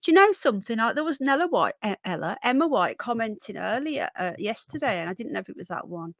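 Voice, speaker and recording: A woman's voice: a little high, big pitch swings, fast talker, dry recording. A woman hosting a casual livestream, chatting and greeting viewers by name with a runny nose, a bit unwell. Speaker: livestream host. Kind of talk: casual live chat.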